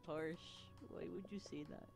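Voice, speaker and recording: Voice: medium pitch, steady tone, moderate pace. A player on voice chat, not a native English speaker, talking in hesitant, broken English. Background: loud music.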